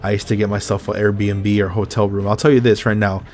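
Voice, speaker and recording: A man's voice: on the low side, flat delivery, brisk, darkish tone. A man hosting a podcast in casual chat, ranting bluntly and swearing often. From Mexico's Baja California border region. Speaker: podcast host.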